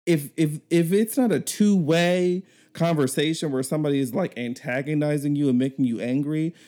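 A man hosting a casual chat, telling a work story in an animated way, laughing often and acting out the people he quotes. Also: on the high side, moderate pace. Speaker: podcast host.

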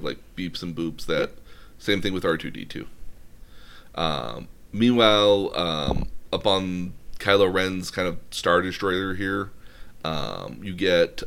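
A man's voice: low-pitched, creaky, fairly bright tone. A man casually retelling a film plot, rambling with lots of fillers. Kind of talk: casual chat.

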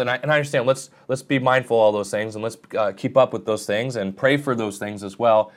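A man's voice: fast, hardly any pauses. Guy preaching a sermon, earnest and a bit self-deprecating, middle voice. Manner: earnest, self-deprecating, rises and falls in pitch for emphasis.

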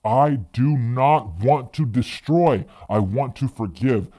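A man voicing God as a gentle, fatherly deity, speaking softly and pleadingly to a wayward son. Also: medium pitch, expressive, slow pace. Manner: soft, pleading, tender.

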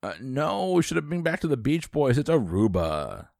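A man hosting a trivia quiz, reading questions briskly and dropping dry quips. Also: on the high side, big pitch swings, vocal fry, darkish tone, dry recording.

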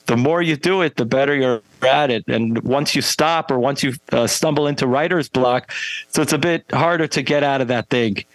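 A man's voice: medium pitch, moderate pace, no echo, rough recording. A man, a band frontman and podcast guest, telling stories in a rambling way with many fillers and restarts, acting out the people he quotes. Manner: animated, acts out quoted people. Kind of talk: casual interview storytelling.

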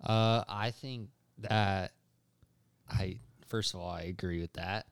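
A man's voice: low voice, fairly even intonation, takes it slowly, vocal fry, clear, resonant tone, no room sound. A young male basketball player answering interview questions casually, a bit hesitant, with lots of filler words.

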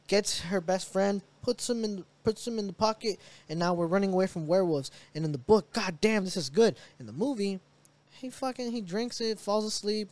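A man co-hosting a casual podcast chat, telling stories in an animated way, swearing and acting out reactions. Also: sits high, a little fast. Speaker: podcast co-host.

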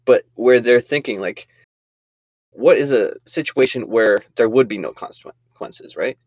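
A man's voice: medium pitch, unhurried, no room sound. A young man co-hosting a podcast in casual chat, laughing often and rambling through crude jokes. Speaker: podcast co-host.

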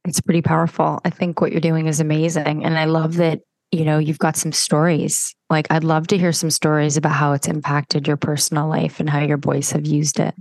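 Female podcast host, very low gravelly voice, casual encouraging interviewer. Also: monotone, fairly quick, hardly any pauses, darkish tone, no echo.

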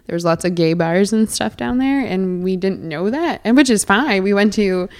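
A woman's voice: medium pitch, expressive, moderate pace, a little mellow. A young woman from Canada, a podcast guest, chatting casually and giggling often. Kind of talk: casual chat.

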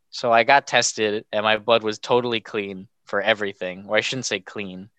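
A man's voice: lowish voice, fairly even intonation, normal speed, bright, forceful tone, clear, resonant tone, no echo. A young man telling stories casually as a podcast guest, rambling and filling almost every phrase with "like". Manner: rambling, filler-heavy, says "like" constantly. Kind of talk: casual storytelling.

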